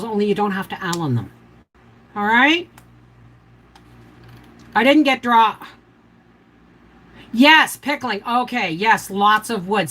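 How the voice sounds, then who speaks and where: A woman's voice: medium pitch, fairly bright tone, low-quality recording. An older woman hosting a casual homestead livestream, rambling and chatty as she walks viewers through canning steps. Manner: rambling, chatty, giving step-by-step canning instructions. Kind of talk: casual live-stream chat.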